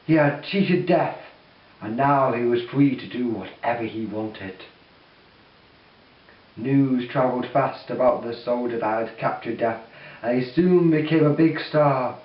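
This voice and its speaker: A man's voice: medium pitch, measured pace, recorded from a distance. A man reading a story aloud in a plain, uneven pace as amateur narrator. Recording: dull echoey recording from off-mic.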